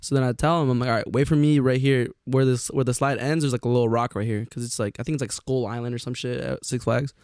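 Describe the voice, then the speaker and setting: A young man co-hosting a podcast, telling stories in a casual, profane, animated way and acting out the quotes. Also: medium pitch, fast, hardly any pauses, clear, resonant tone, dry recording, clean studio sound. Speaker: podcast co-host. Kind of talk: casual storytelling chat.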